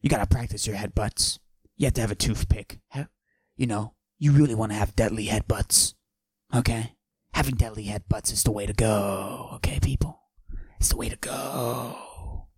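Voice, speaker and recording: A man playing a boastful macho character, pushing his voice low and husky and often dropping to a whisper while he brags deadpan. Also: normal speed, no room sound. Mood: swaggering. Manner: boastful, deadpan absurd bragging. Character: cocky macho man with a forced deep voice. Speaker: podcast host. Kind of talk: comic character monologue.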